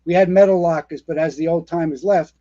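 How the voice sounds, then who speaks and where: A man, pitched noticeably high, spins rambling fire-station stories with plenty of fillers and restarts. The recording sounds dull and lo-fi. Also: fairly quick. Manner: animated storyteller, rambling with many fillers and restarts. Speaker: retired fire captain guest. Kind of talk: casual storytelling interview.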